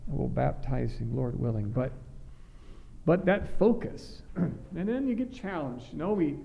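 A middle-aged man preaches in an earnest, halting way, often repeating words as he restarts his thoughts. His voice is gravelly with a slightly raised pitch. The recording is dull and lo-fi. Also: lively intonation, slight background noise. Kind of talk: sermon.

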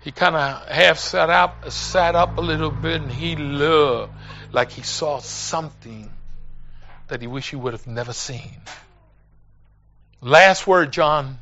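A man's voice: a little high, takes it slowly, pushed and bright, dull audio. A man preaching a sermon, telling a story with emotion and hammering points home through repetition.

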